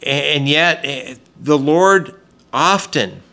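A man's voice: on the high side, slow pace, sharp tone. A man preaching a sermon in a conversational way, with frequent fillers and restarts as he explains scripture. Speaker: pastor.

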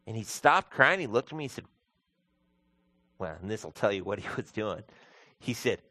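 Guy pastor preaching, gets loud then drops way down soft, dry close sound. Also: lowish voice, animated, moderate pace, long pauses, dry recording. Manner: emphatic, rising to loud peaks then dropping soft. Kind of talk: sermon.

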